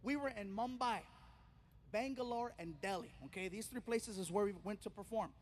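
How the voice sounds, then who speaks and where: A male stand-up comedian telling an animated story and acting out its characters. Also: high voice, normal speed, slight background noise. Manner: animated, acts out characters in his stories.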